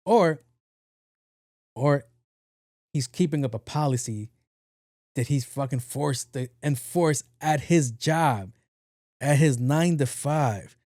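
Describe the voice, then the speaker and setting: A man hosting a podcast in a casual monologue, talking low and evenly, blunt and profane. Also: slow, long pauses, no echo, studio quality. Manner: low-key, talks in a low even voice. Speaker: podcast host.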